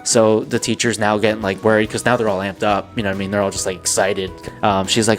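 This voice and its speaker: A young man, a former Marine, telling a story as a podcast guest, animated and full of "like", acting out voices. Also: on the low side, quick pace, few pauses, soft background music. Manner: animated, lots of "like", acts out kids' voices. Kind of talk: casual storytelling.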